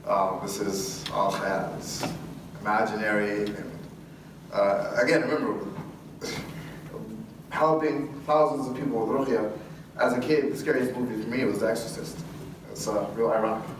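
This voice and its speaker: A man's voice: on the low side, moderate pace. Man telling a story in an echoey hall. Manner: animated, acts out dialogue, laughs often. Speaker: guest speaker. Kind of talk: storytelling talk to a live audience. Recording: echoey hall from far off with room noise.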